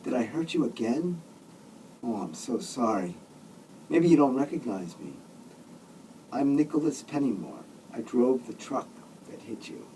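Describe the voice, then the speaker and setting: A man's voice: medium pitch, big pitch swings, a little slow, long pauses, mellow, far from the mic, slight background noise, low-quality recording. A man voicing a remorseful bearded man who blubbers apologies and earnest prayers. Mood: pleading. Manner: weepy, apologetic, earnest praying.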